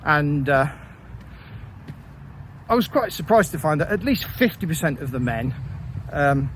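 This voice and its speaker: A man casually telling a story about his own life, with wry, self-deprecating asides and frequent pauses and fillers. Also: fairly high pitch, very animated, fairly bright tone, a little hiss or hum, rough recording. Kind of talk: casual first-person storytelling.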